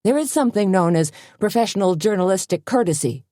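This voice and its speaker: A man's voice: high voice, animated, fast talker, warm tone, no room sound, voice pushed up. Indignant, peevish small-town male reporter read by a woman, audiobook, dry close sound. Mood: outraged. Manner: huffy, sputtering and indignant. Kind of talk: audiobook character voice.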